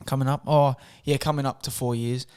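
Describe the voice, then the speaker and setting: Soft-spoken young man. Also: mid-range voice, steady tone, a little fast, smooth. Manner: soft-spoken, chatty, acts out quotes with slang. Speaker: guest, boxer. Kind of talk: casual storytelling interview.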